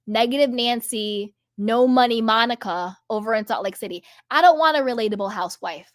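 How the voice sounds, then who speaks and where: A woman with a fairly high voice delivering reality TV commentary as host of her own channel. She is emphatic and opinionated, and she hammers her points home by repeating them. The recording is dry and close, with no room sound. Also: a bit bright, no echo.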